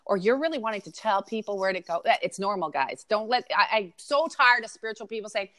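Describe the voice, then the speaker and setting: A woman's voice: mid-range voice, lively intonation, fast, fairly bright tone. A woman spiritual coach, a guest on a podcast, talking earnestly and encouragingly to listeners. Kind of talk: casual podcast chat.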